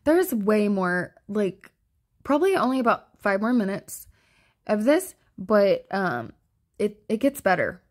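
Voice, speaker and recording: A woman's voice: mid-range voice, big pitch swings, unhurried, darkish tone. Giggly, rambling woman vlogger. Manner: giggly, chatty, trails off often. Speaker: spiritual vlogger showing sky photos. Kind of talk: casual rambling commentary.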